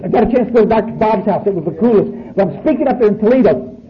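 Blunt, high-voiced man preaching. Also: expressive, rapid-fire. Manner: blunt, profane and emphatic. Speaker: recovery meeting speaker. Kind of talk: speaking to an audience. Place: room full of people. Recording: muffled recording with faint noise.

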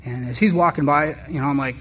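A man's voice: fairly high pitch, fast, fairly bright tone, slight background noise. A middle-aged man speaking candidly and conversationally as a speaker at a support meeting, telling his own story with self-deprecating humor. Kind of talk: personal testimony at a support meeting.

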